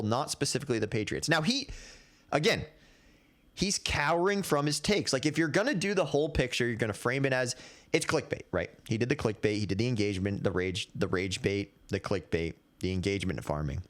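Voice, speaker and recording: A young man hosting his own podcast, ranting about sports media in a rambling, profane, off-the-cuff way. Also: mid-range voice. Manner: profane, rambling, animated, thinking out loud. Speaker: podcast host. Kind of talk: casual sports rant.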